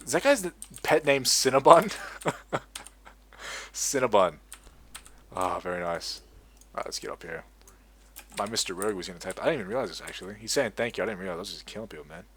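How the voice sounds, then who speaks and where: A man's voice: fairly low pitch, brisk, long pauses, a little hiss or hum. A young man telling a rambling story full of swearing, then commentating his own game in a casual way. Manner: swears a lot, rambling and animated. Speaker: gaming video creator.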